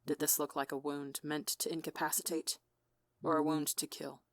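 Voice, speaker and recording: A woman voicing a calm, earnest female villain leader who speaks flatly and softly. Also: deep voice, moderate pace, no room sound, studio quality. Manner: flat, soft, non-judgmental.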